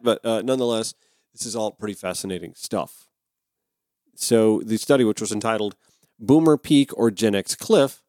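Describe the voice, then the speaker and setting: A man's voice: on the low side, darkish tone, no echo, studio quality. A man from Georgia hosting a podcast, reading an article aloud and breaking off into conversational, self-deprecating asides. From Georgia, USA. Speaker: podcast host.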